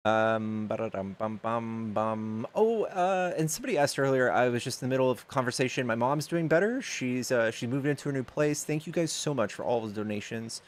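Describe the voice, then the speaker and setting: Speaking in a mid-range voice, the man is animated and fairly quick, with few pauses. He hosts a live stream in a loose, joking way, swearing casually and reading donations aloud to chat during casual talk and debate.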